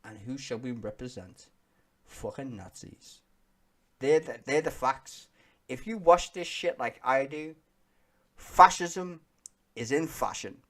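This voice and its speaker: A man's voice: medium pitch, animated, slow, pauses often, fairly bright tone. Profane, heated man ranting about politics. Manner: laughs often while talking. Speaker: political commentary vlogger. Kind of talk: ranting reaction commentary.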